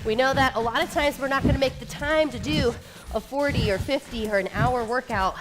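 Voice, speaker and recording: A woman's voice: sits high, a little fast. A woman leading a follow-along workout, coaching with upbeat encouragement while getting out of breath. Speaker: fitness instructor. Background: workout music.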